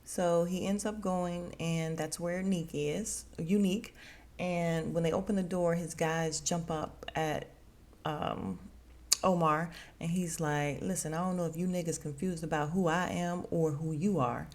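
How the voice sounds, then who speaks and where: A woman's voice: fairly low pitch, unhurried. A woman podcast host casually recapping a TV episode, acting out the characters' lines as she goes. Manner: animated retelling, voicing characters' lines.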